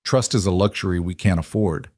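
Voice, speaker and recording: An icy queen who commands rather than asks, as a low-voiced male narrator puts her on. The voice stays deep and steady, clipped and cold. The sound is dry and close. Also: a little fast, no room sound. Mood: cold, commanding. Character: cold, ruthless queen ruling alone.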